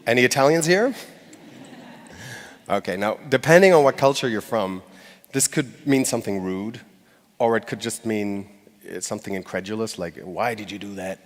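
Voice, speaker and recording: A man's voice: medium pitch, lively intonation, moderate pace, long pauses. A man giving a conversational talk on stage, speaking directly to a live audience. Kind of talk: conference talk. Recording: long hall reverb.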